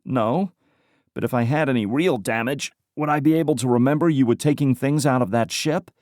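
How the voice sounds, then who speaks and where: A man's voice: mid-range voice, fairly quick, a little mellow, no echo, studio quality, pitched above the performer's own voice, lightly acted. A man voicing an injured young man who jokes his way through it, in an audiobook. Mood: wry.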